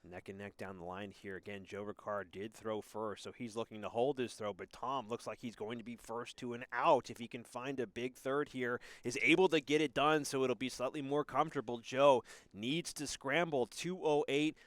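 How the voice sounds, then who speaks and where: A man doing live play-by-play commentary on a darts match, excitable and prone to loud exclamations on a close mic. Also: mid-range voice, moderate pace, hardly any pauses, no echo. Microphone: close mic, apologizes for being too loud.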